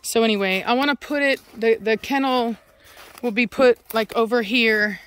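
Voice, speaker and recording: A Texas woman who runs a dog kennel chats casually into a handheld phone outdoors on her property, her voice on the high side and her pace moderate. It's a rambling vlog full of "like" and "um," and she keeps breaking off to yell for her dogs.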